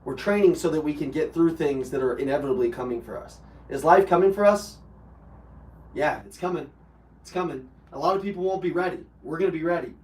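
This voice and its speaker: This slightly high male voice has a darkish tone and moves fairly quickly. On a live personal development call he hosts, he bluntly tells an emotional story from his own life, swearing and using fillers, and the recording is distant and roomy.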